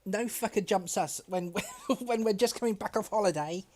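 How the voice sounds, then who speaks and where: A woman's voice: mid-range voice, moderate pace, darkish tone. A woman playing a tabletop game on stream, greeting viewers, swearing freely and laughing a lot. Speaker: player and stream co-host. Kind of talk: casual tabletop game chat.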